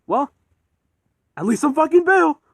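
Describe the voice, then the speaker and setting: Shocked, loud male diesel engine, very high and wild, as a man voices him. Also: sing-song, unhurried, creaky, no room sound, clean studio sound, exaggerated voice. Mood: outraged. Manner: shouting in disbelief.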